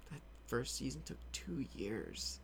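A man chatting casually to his viewers while stuck on hold, rambling and joking in a deadpan way. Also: medium pitch, measured pace, vocal fry, slight background noise. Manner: deadpan, rambling, muttering jokes to himself. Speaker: vlogger.

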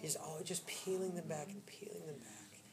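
A woman's voice: low voice, expressive, fairly quick, a loud crowd. Chatty laughing woman preaching. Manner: chatty, laughing, swings from loud to hushed. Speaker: pastor. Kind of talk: sermon. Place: church sanctuary.

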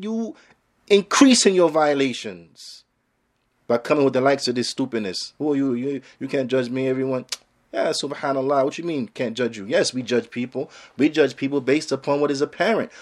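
A man giving a religious lecture as an Islamic teacher, emphatic and casual in phrasing, firing off rhetorical questions. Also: fairly high pitch.

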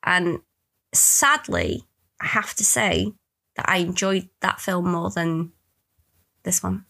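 A woman's voice: fairly low pitch, fairly even intonation, slow, gravelly, sharp tone. A woman with a British accent co-hosting a casual film-review chat. She teases her co-host and laughs often. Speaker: podcast co-host.

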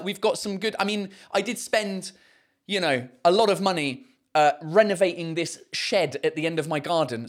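Guy hosting a live podcast from his shed, higher voice, chatty and sweary. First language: English. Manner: chatty, swears freely, lots of fillers. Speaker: podcast host. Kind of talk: casual live-stream chat. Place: renovated garden shed.

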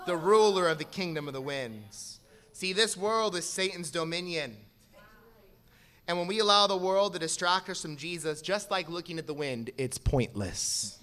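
A man preaching a sermon to a congregation, moving from quiet explanation to shouted exhortation. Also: high voice, normal speed.

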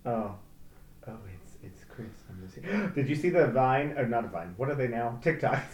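A man's voice: medium pitch, moderate pace, slight background noise. A man chatting casually at home, telling stories with frequent bursts of laughter. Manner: giggly, animated storyteller, frequent laughter. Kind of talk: casual chat. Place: home room. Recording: echoey room.

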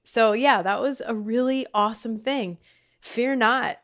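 A woman's voice: on the high side, a little slow. Woman vlogger, casual heartfelt reflection to camera at home, rambly and sincere. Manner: warm, chatty, rambling with fillers. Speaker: vlogger sharing personal reflections. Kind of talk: casual heartfelt talk to viewers. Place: home, kitchen or dining table.

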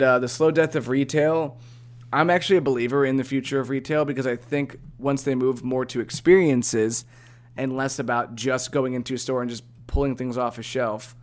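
A man's voice: mid-range voice, steady tone, normal speed. An easygoing young man hosts a casual podcast. He talks in a loose, chatty way and keeps the segments moving along. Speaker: podcast co-host. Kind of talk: casual chat.

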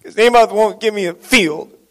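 A man's voice: sits high, normal speed, pitched above the performer's own voice. A man voicing a sulking, self-pitying grown king with a whiny, petulant voice. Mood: whining.

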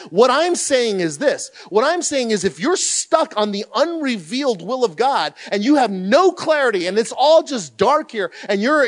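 A male pastor delivers a sermon in a high-pitched voice. His delivery is animated and emphatic, swinging widely in pitch and rising into loud bursts on key phrases.

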